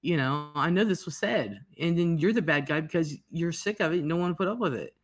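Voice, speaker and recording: A man hosting a livestream, talking calmly and reassuringly in casual chat. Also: fairly high pitch. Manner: calm, reassuring, deliberate. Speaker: livestream host.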